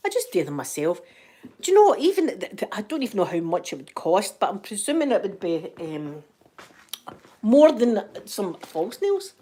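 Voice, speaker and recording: A woman's voice: mid-range voice, sing-song, moderate pace, warm tone. Chatty Scottish woman ASMR host. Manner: chatty, laughs often, talks to viewers in the chat. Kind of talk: casual ASMR chat while knitting.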